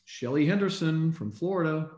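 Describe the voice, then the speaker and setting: A man co-hosting a live online recognition event, reading out names in an upbeat way and often clearing his throat, speaking over a video call. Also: fairly high pitch, moderate pace, a little mellow, lo-fi sound. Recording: echoey room on a video call.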